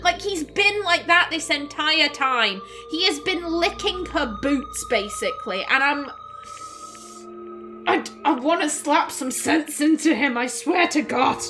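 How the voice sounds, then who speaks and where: A high-voiced woman comments on a game she is playing, exasperated and expressive, swearing freely. She talks at an unhurried pace, leaning on her words. Faint game music runs underneath. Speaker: let's play host.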